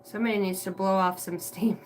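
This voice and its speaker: A woman's voice: mid-range voice, lively intonation, moderate pace, darkish tone. A woman doing a casual tarot reading, swearing freely and breaking into laughter often. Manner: giggly, crude, keeps breaking into laughter. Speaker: tarot reader.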